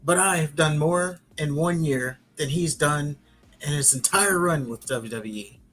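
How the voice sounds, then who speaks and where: A man's voice: on the high side, a little slow, fairly bright tone, soft background music. Haughty, stern wrestling champion with a raised, clipped delivery, as a man puts him on in a podcast recap. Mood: boastful. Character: arrogant, stern male European wrestling champion.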